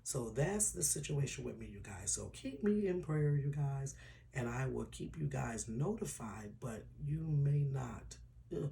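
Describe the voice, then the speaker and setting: A man vlogging an update to his viewers in a casual, earnest way, with a tired, hoarse throat. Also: mid-range voice, animated, a little slow, warm tone. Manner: earnest, personal and emotional, drops to a whisper at times. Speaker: YouTuber.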